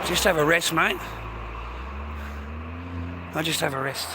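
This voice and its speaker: A man's voice: fairly high pitch, a little slow. A man livestreaming outdoors by the sea, ranting and mocking in a profane, rambling way, calling everyone mate and bro. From United States. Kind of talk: rambling live-stream rant. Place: outdoors near the sea, walking by traffic. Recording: loud street and car noise.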